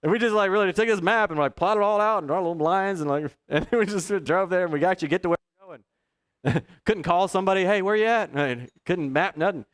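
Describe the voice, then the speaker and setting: A man's voice: high-pitched, fast talker. A man preaching a sermon, telling personal stories and chuckling often. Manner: chuckles often, lively storyteller. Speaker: pastor.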